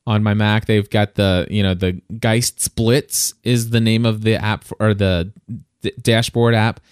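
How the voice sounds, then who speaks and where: A man's voice: on the low side, fairly even intonation, a little slow, clear, resonant tone, no echo, clean studio sound. A man co-hosting a casual tech podcast, rambling and restarting his sentences in a playful way. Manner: rambling, self-interrupting, playful. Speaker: podcast co-host.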